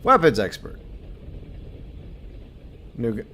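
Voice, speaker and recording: A man's voice: mid-range voice, huge pitch swings, slow, bright, forceful tone. A man from Minnesota giving casual, joking commentary as he streams a game, swearing freely.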